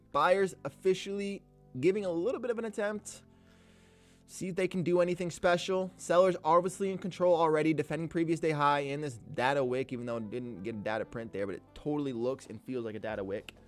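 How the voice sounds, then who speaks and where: A man hosting a live trading stream, giving casual, energetic commentary full of slang, occasional swearing and shout-outs to viewers. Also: fairly high pitch. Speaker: livestream host and day trader.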